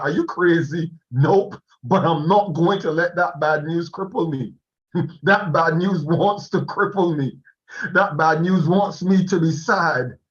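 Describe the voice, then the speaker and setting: A man giving a slow, animated motivational talk to an online class on a video call, laughing often as he speaks. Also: on the high side, dull audio.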